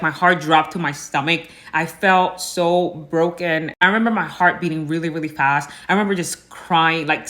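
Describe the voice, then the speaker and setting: A woman's voice: on the low side, fairly bright tone. A woman telling a personal storytime in a casual, conversational way, full of likes and fillers. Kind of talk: storytime monologue.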